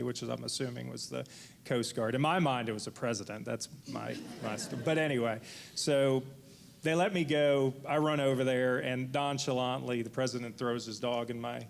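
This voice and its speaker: Gravelly man telling a rambling story. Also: mid-range voice, normal speed. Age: 40s. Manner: rambling, lively retelling with frequent restarts. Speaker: fishing guide and panelist. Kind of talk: anecdotal storytelling on a panel. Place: indoor event venue.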